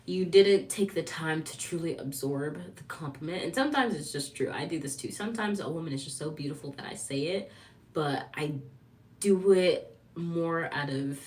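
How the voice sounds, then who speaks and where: A woman chatting casually on a livestream vlog, animated, laughing often, and acting out quoted lines. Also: low voice, moderate pace, recorded from a distance. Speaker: lifestyle vlogger.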